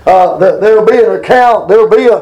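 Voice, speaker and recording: A man's voice: high-pitched, brisk, darkish tone, echoey room, dull audio. A man preaching a plainspoken Bible sermon, reading scripture aloud and adding folksy asides.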